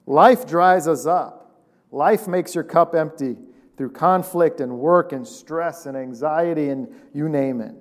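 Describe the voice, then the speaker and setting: A man preaching a sermon as a pastor, talking in a casual, animated way and asking the congregation questions. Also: on the high side.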